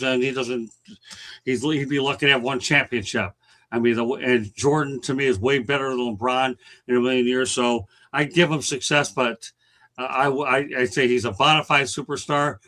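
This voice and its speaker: A man hosting a sports talk show, pressing his opinion with insistent emphasis. His voice is bright and forceful, pitched at an ordinary middle height. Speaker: host.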